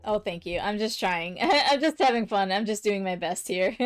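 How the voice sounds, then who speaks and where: A woman live-streaming her drawing, chatting casually with her viewers and poking fun at her own struggles, often muttering quietly as she works. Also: medium pitch, lively intonation, a little slow. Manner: chatty, self-mocking, talks to her chat; often drops to quiet muttering while working. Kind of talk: casual chat while drawing.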